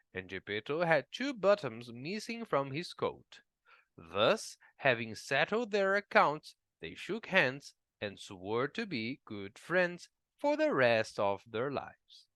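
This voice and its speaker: Slow, expressive male storyteller. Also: a little high, no room sound, studio quality. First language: Portuguese. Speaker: English teacher reading an audiobook. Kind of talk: storybook narration.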